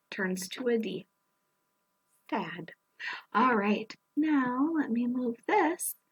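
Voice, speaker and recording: A woman teaching young children phonics, gently sounding out letters and words and encouraging them as she works through a worksheet. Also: on the high side, husky. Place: indoors at a table, camera on her worksheet.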